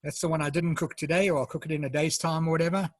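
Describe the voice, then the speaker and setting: A man with a South African accent chats through a casual cooking demo on a video call, explaining each step and eating as he goes. His voice is on the high side and steady in tone, racing along, with slight background noise.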